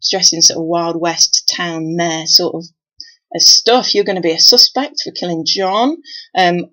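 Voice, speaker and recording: Chatty woman, low voice. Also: pushed and bright, poor audio. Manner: chatty, rambling with many fillers. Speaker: event organiser. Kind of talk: casual video message.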